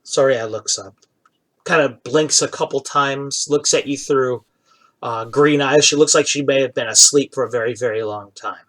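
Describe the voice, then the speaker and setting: A man running a tabletop game, describing characters and scenes at an easy, unhurried pace. He pauses often and fills gaps with small fillers. His voice sits at an ordinary middle pitch. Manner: relaxed, halting description with fillers. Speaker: game master.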